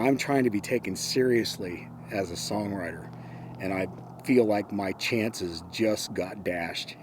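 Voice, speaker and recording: An older man telling anecdotes in a relaxed, wry way, with frequent ums and uhs. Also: low voice, slight background noise. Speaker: interviewee. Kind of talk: casual anecdotal storytelling.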